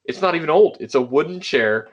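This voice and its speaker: A man's voice: on the high side, lively intonation, brisk, highs cut off. A slightly drunk man rambling through a casual podcast chat and poking fun at himself. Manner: rambling, self-mocking. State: a little drunk.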